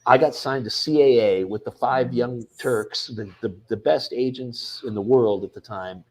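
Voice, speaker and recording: Over a low-quality recording, a man with a mid-range voice speaks at normal speed as a guest director in an interview. He animatedly recounts stories, performing other people's lines and often starting sentences over.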